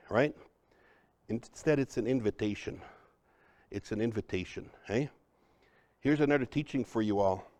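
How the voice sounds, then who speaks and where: A man with a baritone voice giving a live workshop presentation to a room of people, talking conversationally and often checking in with the audience. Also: darkish tone. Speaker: cultural trainer presenting to a group.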